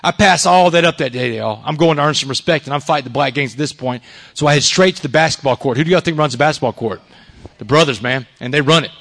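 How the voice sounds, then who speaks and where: A man's voice: fairly high pitch, quick pace, creaky, fairly bright tone. A man from Texas with a Southern accent telling his life story to an audience, emphatic, tossing in "man" and "y'all". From Texas, USA.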